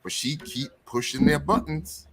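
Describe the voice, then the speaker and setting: A man on a review panel, talking casually and pausing to find his words. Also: a little high, a bit bright, slightly rough. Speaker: panel guest. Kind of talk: casual live review chat.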